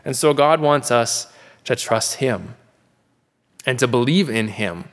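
A man preaching a sermon in an earnest, conversational teaching manner, slowing down to repeat key questions. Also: medium pitch, animated, long reverb tail.

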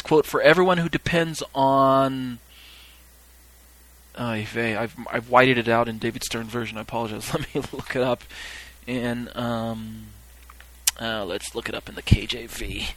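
In a rough recording, a man with a medium-pitched, fairly bright voice delivers a podcast Bible lesson. He reads scripture and commentary aloud, searches his notes with fillers, and becomes emphatic as he explains.

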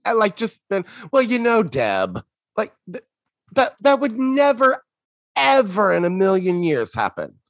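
Expressive, stammering podcast co-host. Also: mid-range voice, a little slow, no echo, studio quality. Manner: expressive, stammers and laughs while joking. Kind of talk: casual chat.

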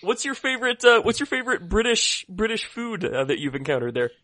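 A man playing in a tabletop game podcast, cracking quick jokes in casual banter. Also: sits high, lively intonation, pushed and bright, dry recording. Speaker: player.

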